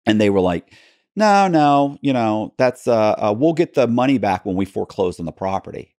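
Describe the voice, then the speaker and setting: A man telling a story as an interview guest, acting out quoted dialogue with halting restarts. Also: on the low side, very animated, darkish tone, no echo, clean studio sound.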